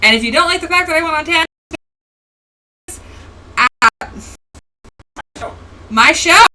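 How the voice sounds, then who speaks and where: A woman's voice: very high voice, expressive, slow pace, noisy background. A woman hosting a casual livestream, rambling through tangents and laughing often. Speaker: host.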